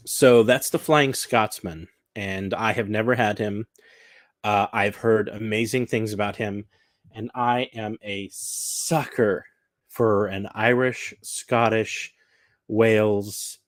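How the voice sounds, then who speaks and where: Lowish, dry-voiced chatty man. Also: a bit bright, no room sound. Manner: chatty and enthusiastic, rambling with fillers. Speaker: cruise vlogger. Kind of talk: casual chat.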